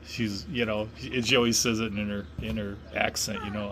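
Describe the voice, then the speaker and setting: A man's voice: lowish voice, little pitch movement, normal speed, a bit bright, slight background noise. Rambling man telling a long story. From Wisconsin. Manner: rambling, many fillers and restarts. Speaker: vlogger. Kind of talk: casual storytelling.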